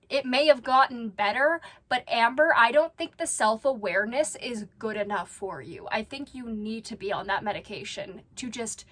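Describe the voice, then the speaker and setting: A woman with a fairly high voice doing reaction commentary for her vlog. She is blunt and swears freely, and she speaks straight to the person she is watching as if they could hear her. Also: fairly bright tone. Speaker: reaction vlogger.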